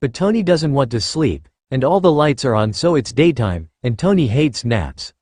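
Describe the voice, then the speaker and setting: A man's voice: medium pitch, big pitch swings, moderate pace, darkish tone, no echo, clean studio sound. Man reading a childlike story aloud. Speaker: narrator. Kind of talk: reading fan fiction aloud.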